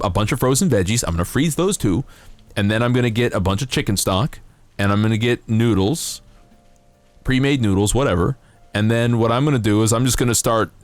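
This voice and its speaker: Young male streamer, lowish voice with a lively swing, profane and rambling over faint music. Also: no room sound. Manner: animated, rambling, profane, self-mocking rants. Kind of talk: casual live-stream chat while gaming.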